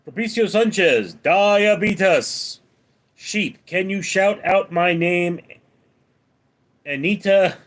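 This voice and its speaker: A man hosting a late-night live stream, reading viewer comments aloud and answering them with deadpan one-liners. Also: high-pitched, slow. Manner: deadpan quips between read-out comments. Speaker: livestream host reading chat.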